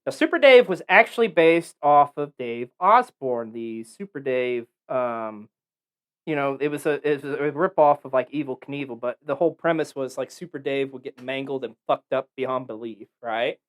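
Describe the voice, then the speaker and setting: Animated guy hosting a podcast, cussing and rambling, pitch jumps all over the place. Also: normal speed. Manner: animated, profane storytelling; rambling and digressive. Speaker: podcast host. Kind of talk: casual chat.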